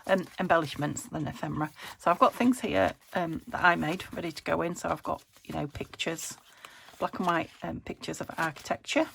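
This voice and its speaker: Chatty British woman with a gravelly voice. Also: low-pitched, a little fast, fairly bright tone, a little hiss or hum. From United Kingdom. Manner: rambling, thinks aloud, laughs often. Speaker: crafting channel host. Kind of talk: chatty crafting vlog. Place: home craft room.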